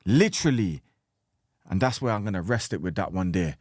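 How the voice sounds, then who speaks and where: A man's voice: sits low, expressive, fairly quick, darkish tone, no room sound, studio quality. A man, a podcast guest speaking fervently and with open emotion about violence. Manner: fervent, preachy, openly emotional. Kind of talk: impassioned podcast talk.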